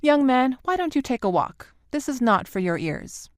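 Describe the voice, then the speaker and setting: A woman's voice: high voice, very animated, moderate pace, no room sound, clean studio sound, voice pushed up. A woman voicing a small, older motherly woman who is firm and commanding, in an audiobook. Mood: stern.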